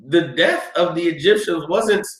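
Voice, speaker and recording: Guy teaching a bible class, kinda high voice, echoey room, gets loud acting out the screams. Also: normal speed. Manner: animated storytelling, acts out screams. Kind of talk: scripture class lecture.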